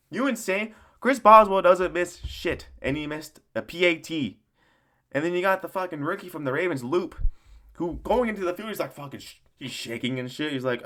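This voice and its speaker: A man's voice: mid-range voice, fairly bright tone. A man giving a casual, profane sports recap rant in a rambling, mocking way, often laughing at his own jokes. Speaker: sports commentator.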